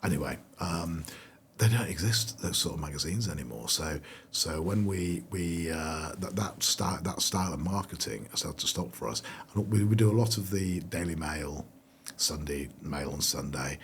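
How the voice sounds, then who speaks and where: Low-voiced rambling middle-aged man. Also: lively intonation, normal speed, slight background noise. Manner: chatty, rambling, many fillers and restarts. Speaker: founder of a clothing brand; guest. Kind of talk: casual interview chat.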